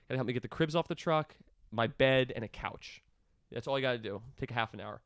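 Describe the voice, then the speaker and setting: A man in his thirties telling a story in casual chat, animated and acting out the people he quotes. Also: mid-range voice, fast, no room sound, clean studio sound. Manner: animated, acts out quoted dialogue. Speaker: guest, clinic staff member.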